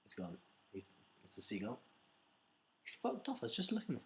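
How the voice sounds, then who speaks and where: A man's voice: fairly low pitch, huge pitch swings, normal speed. A man telling a rambling, swearing comedic story in a casual vlog. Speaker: vlogger.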